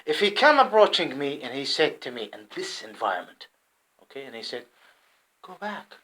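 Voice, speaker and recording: A man from the Arab world, based in England, delivering a rambling, impassioned monologue to camera. He often repeats himself and swings between loud outbursts and muttering. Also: medium pitch, big pitch swings, a little fast, rough recording. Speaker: vlogger. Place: at home in England.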